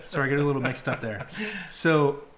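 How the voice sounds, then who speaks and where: A young man hosting a podcast, retelling stories in casual, excitable chat full of fillers and swearing. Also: mid-range voice, fairly quick. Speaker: podcast host.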